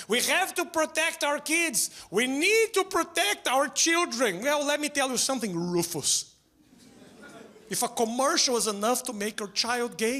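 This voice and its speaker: A man doing stand-up, animated and acting out quick voices on a club stage. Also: very high voice. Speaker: stand-up comedian. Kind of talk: stand-up comedy set. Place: comedy club stage with audience.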